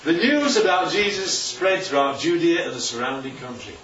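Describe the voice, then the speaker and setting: Faint music plays behind a man whose voice is on the high side, with lively intonation, a fairly bright tone and normal speed. He gives an informal slide talk to a congregation in a church hall, often asking "right?" and "isn't that lovely?". The recording feels roomy, distant and dull.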